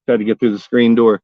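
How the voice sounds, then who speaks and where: This man, a gardening vlogger and livestream host, rambles in a folksy style from his backyard, tossing out jokes built on old sayings. His voice is mid-range. The sound is lo-fi with no echo.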